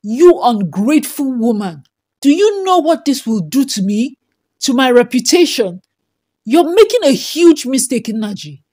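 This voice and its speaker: A woman voicing a young husband who is angry and desperate, snapping and forceful. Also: high-pitched, sing-song, a little slow, heavily acted. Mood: furious.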